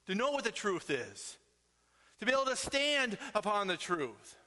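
A middle-aged male pastor with a high, bright, ringing voice preaches emphatically, tossing out rhetorical questions to his congregation. His words trail off into the long reverb of a large church hall. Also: big pitch swings, normal speed. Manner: emphatic, peppered with rhetorical "right?". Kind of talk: sermon.

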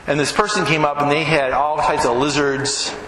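A male pastor giving a sermon, telling stories and acting out quotes in a lively way, asking the audience questions. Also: fairly high pitch, normal speed. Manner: animated, talks with the audience, acts out quotes. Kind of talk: sermon with storytelling. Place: church hall. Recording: echoey hall with room noise.

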